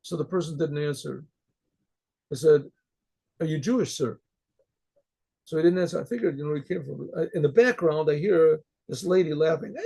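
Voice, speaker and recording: A rabbi telling a story in a rambling, animated way, full of restarts, over a computer mic on a video call. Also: male voice, on the high side, normal speed, creaky, long pauses, breathy edge. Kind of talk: storytelling talk.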